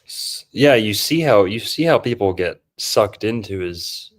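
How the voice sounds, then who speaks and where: A man with a low voice hosting a podcast in loose, casual chat. He jokes and mocks, often sliding into impressions. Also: animated, measured pace. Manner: joking, mocking, riffs in impressions. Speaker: podcast host.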